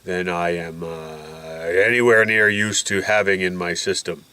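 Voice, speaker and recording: A man's voice: low voice, steady tone, measured pace, sharp tone, clean tone. A man vlogging casually with a congested voice from nasal packing, medicated and a little woozy, rambling and complaining with self-mocking humor. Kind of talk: casual rambling vlog to camera.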